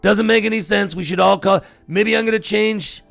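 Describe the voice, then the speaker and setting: A man's voice: high-pitched, normal speed, vocal fry, fairly bright tone, dry recording, faint music behind, pitched above the performer's own voice. A man doing a boastful politician impression. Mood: musing. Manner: boastful, rambling, repetitive superlatives.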